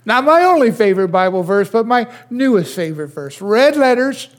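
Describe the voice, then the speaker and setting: An older man preaching a sermon as pastor, asking his listeners question after question and dropping to a hush at times. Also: sits high, big pitch swings. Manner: slow, questioning preacher who swings from loud to hushed.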